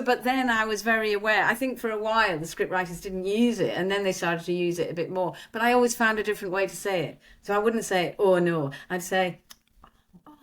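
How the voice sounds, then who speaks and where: A woman, an actress guest, talking casually in an interview, animated, often laughing and restarting her sentences. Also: medium pitch.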